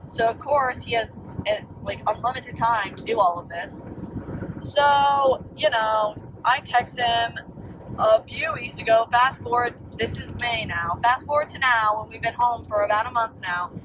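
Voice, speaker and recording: A woman's voice: fairly high pitch, unhurried. Exasperated young woman in a noisy voice memo. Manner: exasperated, swearing, animated retelling. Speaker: caller. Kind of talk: voice memo storytime. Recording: distant voice memo with background noise.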